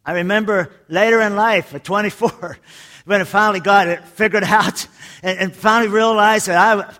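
High-voiced man preaching a lively sermon. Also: normal speed. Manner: lively storytelling preacher with jokes and emphatic repetition. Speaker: pastor.

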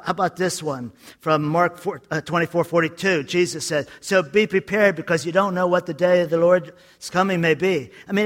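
A man with a high-pitched voice preaches a lively sermon. He tells jokes and stories and hammers his points home with repetition. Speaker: pastor.

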